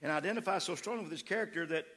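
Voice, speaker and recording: A man's voice: on the high side, rapid-fire, pushed and bright. Man, West Texas accent, pastor, emphatic sermon, reverberant church hall. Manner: fervent, emphatic preaching with crowd call-outs. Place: church sanctuary.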